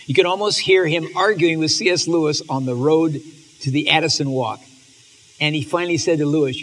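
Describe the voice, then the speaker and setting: A man giving an animated, emotional lecture on stories, reading passages aloud and often restarting his sentences. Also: fairly high pitch, moderate pace. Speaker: speaker on literature and faith.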